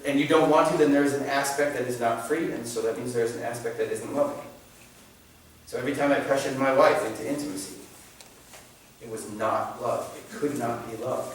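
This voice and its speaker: A man giving a church teaching talk in an animated, joking, conversational way. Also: medium pitch, slight background noise. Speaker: church catechist speaker. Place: church hall. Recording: echoey hall, distant mic.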